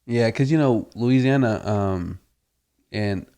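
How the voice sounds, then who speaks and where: A man from Dallas hosting a podcast, talking in a relaxed, drawn-out way with lots of "like" and "you know". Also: lowish voice. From Dallas, Texas. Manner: easygoing, drawn-out, many likes and you knows. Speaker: podcast host. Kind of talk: casual chat.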